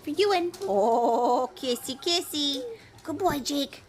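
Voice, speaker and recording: A woman's voice: high-pitched, animated, slow. A mother filming at home, coaxing and teasing her young son and the family dog in a playful sing-song way. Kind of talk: casual home video. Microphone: handheld camera.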